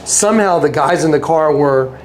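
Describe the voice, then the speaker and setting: A man's voice: on the high side, moderate pace, a little hiss or hum. A man telling a personal story as an interview guest, earnest, often repeating himself and acting out quoted dialogue. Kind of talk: casual storytelling.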